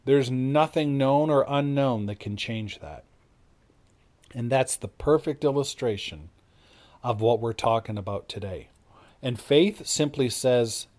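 A man's voice: medium pitch, a little mellow. A middle-aged man giving an informal Bible teaching, telling a story with acted-out quotes and frequent restarts. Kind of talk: informal sermon-style teaching.

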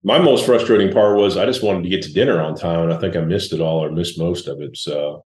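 A man's voice: low-pitched, fairly quick, darkish tone, roomy sound. A man in his forties, a guest entrepreneur telling blunt, laid-back stories in a casual interview.

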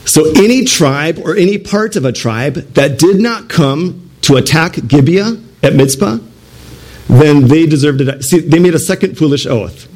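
Animated preacher man, rhetorical questions. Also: fairly high pitch, normal speed. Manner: animated, rhetorical questions, mock-pleading voices for quoted people. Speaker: pastor. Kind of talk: sermon.

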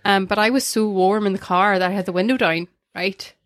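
A woman's voice: mid-range voice, steady tone, brisk, no echo. Young woman, podcast co-host, chatty and self-mocking, dry close sound. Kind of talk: casual chat.

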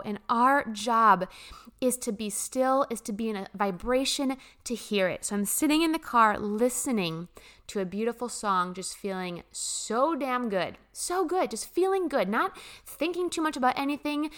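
A woman's voice: on the high side, fairly bright tone. A young woman telling a spiritual story in casual chat, gushing and emphatic, swearing casually and often laughing. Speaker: spiritual vlogger.

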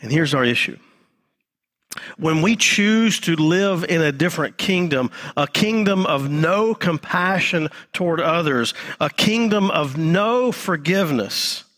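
A man preaching a sermon in church. He repeats key phrases and drops into a low, quiet voice to stress them. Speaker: pastor.

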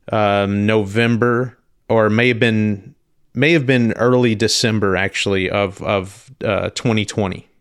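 A man with a fairly low voice tells a personal story on his podcast, stumbling and repeating words as he searches for what to say. He sounds earnest and moved. The recording is dry and close, with no room sound. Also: fairly bright tone, clear, resonant tone, no echo. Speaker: podcast host.

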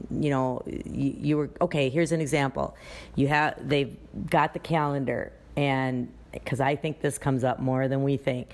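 A woman's voice: extremely low pitch, darkish tone. A woman who runs a dance studio, talking casually on a podcast and telling chatty anecdotes. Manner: chatty, anecdotal, restarts often.

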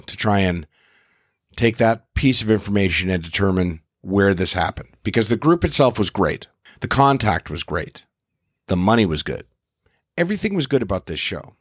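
A man's voice: on the low side, no echo, clean studio sound. A middle-aged man, a comedian and podcast host, telling a story in a casual, exasperated way and swearing now and then.

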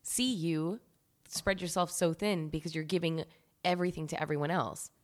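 A woman's voice: fairly low pitch, normal speed, a little mellow. A woman co-hosting a podcast in casual chat, earnest with a dry humor. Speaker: podcast co-host.

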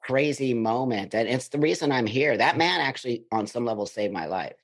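A man's voice: medium pitch, a little fast. A middle-aged man from the United States, a podcast guest, telling his life story in blunt, emphatic conversation. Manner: emphatic, blunt, animated in retelling.

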